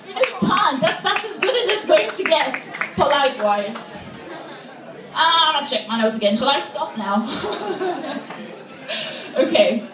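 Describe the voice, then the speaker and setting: A woman's voice: sits high, lively intonation, takes it slowly, roomy sound, distant mic, a crowd in the background. A woman from Malta performing a chatty stand-up comedy set, laughing through her lines. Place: comedy venue on stage. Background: audience.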